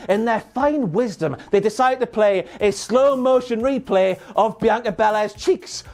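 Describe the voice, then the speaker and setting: A man with a strikingly high voice for a man delivers a comedic wrestling recap. His banter is cheeky and sweary, full of mock outrage aimed at the viewer. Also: slight background noise. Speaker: wrestling show recap host.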